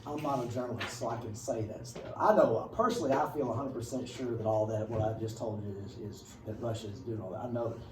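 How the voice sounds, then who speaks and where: A man's voice: on the low side, fast, few pauses. Rambling, joking male teacher in class. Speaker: history teacher. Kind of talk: casual classroom lecture. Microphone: far camera. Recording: echoey room from far off.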